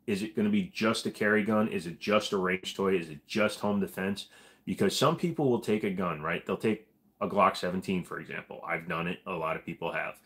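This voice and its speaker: A man's voice: low-pitched, brisk, a bit bright. Blunt, profane male streamer. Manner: blunt, profane, answers viewer questions. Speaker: live-stream host. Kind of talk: casual live-stream chat.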